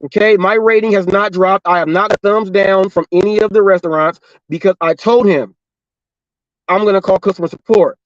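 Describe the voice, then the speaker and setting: A middle-aged man with a fairly high voice tells a story in an animated, repetitive way, acting out both sides of a conversation. The sound is dry and slightly dull, with no room echo. He talks casually, like a driver and show host talking to his regular viewers. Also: normal speed. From Los Angeles and Orange County, California. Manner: animated, repetitive retelling with quoted dialogue.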